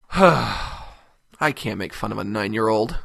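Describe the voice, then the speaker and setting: A man's voice: on the low side, lively intonation, takes it slowly, gravelly, a bit bright, no echo, studio quality, heavily acted. A man voicing a crude, abrasive cartoon host who answers fan mail with contempt and constant swearing. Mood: contemptuous. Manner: foul-mouthed, contemptuous, ranting. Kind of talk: animated web comedy sketch.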